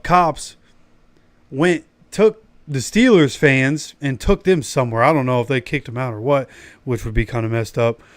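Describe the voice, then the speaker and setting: Man, slightly high voice, preachy fan rant, voice still recovering, dry room. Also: dry recording. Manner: animated, preachy, addresses viewers directly. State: recovering from lost voice. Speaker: fan channel host. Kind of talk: casual livestream rant.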